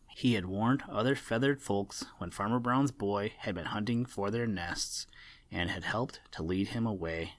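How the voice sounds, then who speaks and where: A man reads a children's animal story aloud in a steady storytelling manner. His voice sits on the low side, and the recording is dry and close, with no room sound. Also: no room sound. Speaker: narrator.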